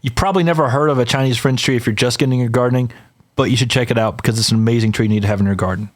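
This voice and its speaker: A man's voice: mid-range voice, very fast. A man co-hosting a podcast, talking casually and with enthusiasm, who says "y'all" to listeners. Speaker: podcast co-host.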